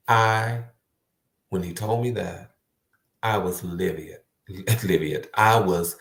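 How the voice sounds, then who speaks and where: A man's voice: deep voice, takes it slowly, gravelly, long pauses, a bit bright. A man giving an earnest, emphatic motivational talk to the viewer, repeating words for stress. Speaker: motivational speaker. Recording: roomy echo.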